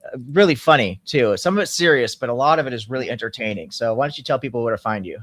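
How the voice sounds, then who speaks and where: A man hosts an online discussion panel and introduces each guest warmly. He talks quickly and fills his pauses with hesitations and small restarts. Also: medium pitch, animated. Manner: friendly, quick, hesitant with fillers. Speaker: channel host and panel moderator. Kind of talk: casual panel hosting.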